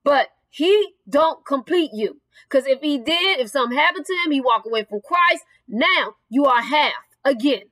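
A woman's voice: high-pitched, lively intonation, normal speed, hardly any pauses, a bit bright, no room sound. A woman preaching a sermon in an earnest, direct way, reading scripture and speaking straight to singles.

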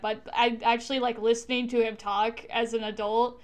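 A woman's voice: a little high, little pitch movement, normal speed. A woman co-hosting a casual movie chat, enthusiastic and rambling as she tells stories. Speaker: podcast co-host.

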